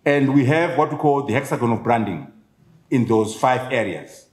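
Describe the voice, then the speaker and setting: A man's voice: mid-range voice, expressive, moderate pace, a little mellow. A middle-aged man with a Zimbabwean accent, an author addressing an audience at his book launch, driving points home with rhetorical questions and repetition. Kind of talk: public speech. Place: event venue, echoing room. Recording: echoey room.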